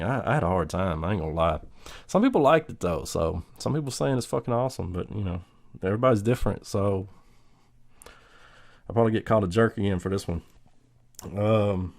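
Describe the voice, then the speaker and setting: A man with a lowish voice rants through a casual movie review. He is blunt and profane, mocks the film and laughs often. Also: animated, fairly quick, darkish tone.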